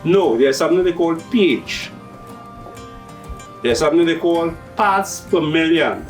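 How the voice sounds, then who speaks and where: A man's voice: on the high side, lively intonation, a little slow, faint music behind. Trinidadian man explaining hydroponics, a bit distant. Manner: explanatory, patient, uses local turns of phrase. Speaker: hydroponics shop owner. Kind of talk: explaining on a farm TV show.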